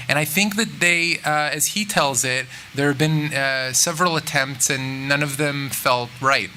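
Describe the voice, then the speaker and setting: A man, a film director, answering interview questions in a thoughtful, halting way, full of fillers and restarts. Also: mid-range voice, bright, forceful tone, a little hiss or hum. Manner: thoughtful, musing. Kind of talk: press junket interview.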